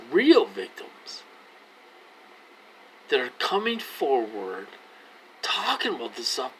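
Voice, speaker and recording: A man in his forties with a bright, sharp-edged voice talks slowly and deliberately to his viewers. He is earnest and pleading, and he keeps repeating himself as he presses each point, with a faint hum of noise behind him. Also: fairly high pitch, rough recording. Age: 40s. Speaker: vlogger. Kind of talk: casual direct-to-camera talk.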